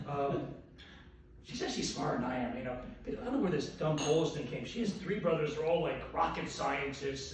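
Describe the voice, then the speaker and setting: An older man from Delaware fires off self-deprecating one-liners in a high voice. He is picked up from a distance in a very reverberant hall, with clear room noise behind him. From Wilmington, Delaware, US. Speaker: orthopedic surgeon telling jokes. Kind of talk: stand-up comedy at a dinner event. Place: banquet hall with audience. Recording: roomy hall audio with crowd laughter.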